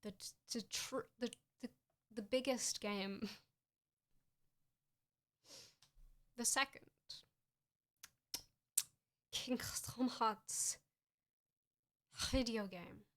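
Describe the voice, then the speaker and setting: A young woman streamer chats slowly and playfully, with a slightly high voice. Her jokes come out deadpan and she laughs often between them. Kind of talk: casual stream chat showing fan art.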